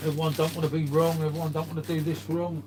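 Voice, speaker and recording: Over background noise, a middle-aged man with a fairly high, level voice talks fast to his live-stream viewers. He's laid-back, calls everyone mate, and muses aloud while tidying up.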